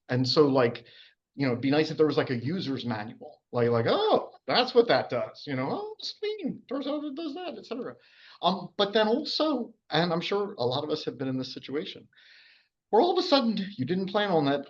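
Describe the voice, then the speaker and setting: A man's voice: mid-range voice, muffled recording. A man teaching anatomy to a live class in a chatty, informal way, full of fillers and asides. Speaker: anatomy and physiology instructor. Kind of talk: informal public lecture.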